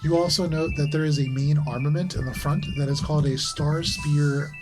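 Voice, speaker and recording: A man's voice: fairly high pitch, fairly even intonation, moderate pace, low-quality recording. Casual male game master over music. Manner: descriptive, casual, with fillers. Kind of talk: narrating a tabletop game. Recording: background music.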